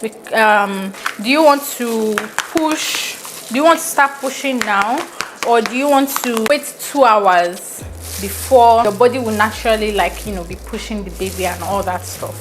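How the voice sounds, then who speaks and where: A woman quoting a matter-of-fact female nurse in a brisk, explaining way. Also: fairly high pitch, background noise, natural voice.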